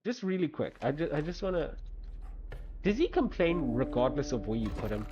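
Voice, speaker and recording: A man streaming a card game, thinking aloud and reacting quickly in casual commentary. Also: on the high side, big pitch swings, lo-fi sound, background noise. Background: game music.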